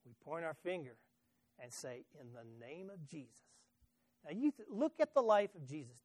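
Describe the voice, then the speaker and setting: A man's voice: fairly high pitch, dry recording. A middle-aged male preacher giving a sermon, telling stories emphatically with some stumbling restarts.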